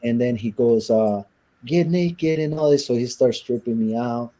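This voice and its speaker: A man from Southern California, an interview guest, tells his story candidly and bluntly with rough language, acting out what guards said to him. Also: medium pitch, normal speed, mellow, rough recording. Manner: blunt and profane, acts out the guards' lines.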